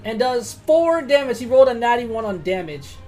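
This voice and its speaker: An excitable woman game master narrating dice rolls and combat. Her voice is high and animated, jumping between muttered asides and sudden loud outbursts, with frequent swearing. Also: faint music behind. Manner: excitable, swearing, quick swings of loudness.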